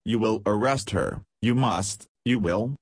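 A haughty, drawling society lady with a spiteful streak, as a man reads her in an audiobook. The voice is husky, and the recording is dry and close. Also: fairly low pitch, unhurried, no echo.

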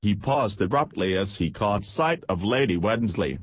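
A man narrating an audiobook in a measured, even storytelling manner. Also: lowish voice, slightly rough, dry recording. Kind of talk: scripted narration.

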